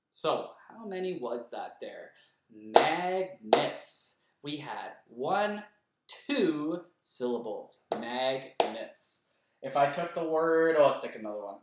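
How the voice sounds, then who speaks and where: A man's voice: medium pitch, very noisy. Man teaching little kids, echoey room. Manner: slow, clear, encouraging, counts and claps along. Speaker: kindergarten teacher. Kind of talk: home-recorded remote lesson for young children. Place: room at home.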